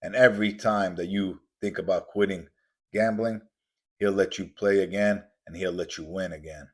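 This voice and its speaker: A man hosting a podcast, delivering an intense, preachy motivational monologue with lots of repetition. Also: sits low. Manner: intense, preachy, repetitive, acts out quoted voices. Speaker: podcast host.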